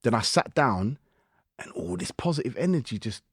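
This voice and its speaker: A man, a guest musician on a podcast, telling stories in lively slang and acting out his own inner voice. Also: mid-range voice, moderate pace, slightly rough, no echo, clean studio sound. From United Kingdom. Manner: animated storytelling with slang and acted-out self-talk. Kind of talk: casual podcast conversation.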